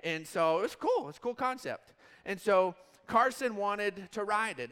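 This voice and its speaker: A pastor in his thirties tells a story from the pulpit in a high, bright voice. He rambles and gets animated as he goes. His voice carries a long reverb from the church hall. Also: normal speed, smooth. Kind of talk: storytelling sermon.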